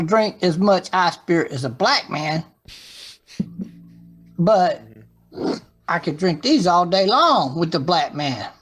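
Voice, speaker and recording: Male podcast guest, husky, breathy tone; delivers dubious claims with unshakable confidence. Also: high-pitched, a bit bright. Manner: states odd claims with total confidence. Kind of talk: casual podcast banter.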